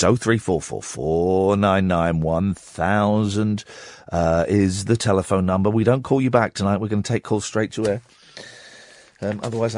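A man hosting a late-night radio phone-in, rambling and excitable, mocking himself. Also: lowish voice, moderate pace, dry recording, clean studio sound. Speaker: radio presenter. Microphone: studio microphone.

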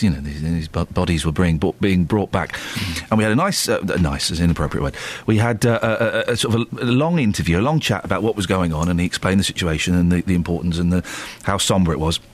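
A male radio presenter chatting casually, rambling with restarts and asides. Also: deep voice.

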